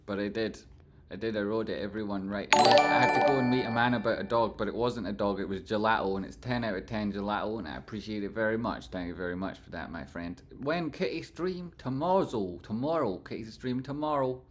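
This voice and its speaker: A man's voice: lowish voice, a little fast, music in the background. A man hosting a live stream in casual chat, reading out and thanking viewers and breaking into playful sung phrases. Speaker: livestream host.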